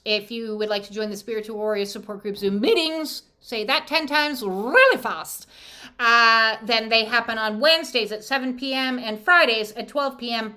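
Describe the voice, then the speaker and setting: A woman oracle reader talks in a chatty, irreverent spiritual monologue, her voice sitting a bit high. She keeps it loose, full of fillers and wry asides. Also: bright, forceful tone.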